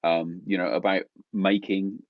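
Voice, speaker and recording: A man's voice: sits low, flat delivery, measured pace, muffled recording. A man with a Suffolk accent co-hosting a festival stream, bantering casually and jokingly, calling people mate. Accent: Suffolk English. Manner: jokey, laughing, chummy, calls people mate. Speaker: co-host of a harmonica festival stream.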